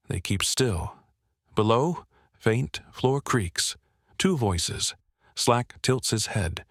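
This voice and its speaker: Male audiobook narrator, low and unhurried, bone-dry booth sound. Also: dry recording.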